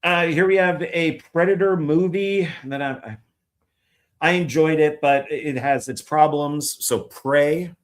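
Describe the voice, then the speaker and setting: His voice is on the high side and his pace measured. In a casual vlog, this filmmaker shows off his disc purchases, rambling and swearing, occasionally mimicking critics in a put-on voice to mock them.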